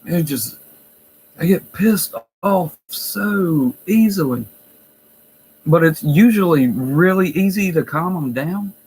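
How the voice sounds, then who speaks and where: A man's voice: on the high side, animated, slow pace, a little mellow, slightly rough, low-quality recording. A man who works in a nursing home, telling stories in a blunt, profane, wry way. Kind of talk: casual storytelling vlog.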